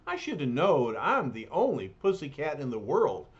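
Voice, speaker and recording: A man voicing a gruff, hot-headed, jealous strongman who talks in tough street slang. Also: on the high side, huge pitch swings, moderate pace. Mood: brash. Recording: dull lo-fi recording.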